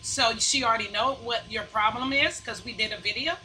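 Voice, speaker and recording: Woman in a group call, blunt, bright sharp voice, faint background noise. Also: on the high side, brisk, rough recording. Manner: blunt, explains at length. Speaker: chat participant. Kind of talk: heated online group chat.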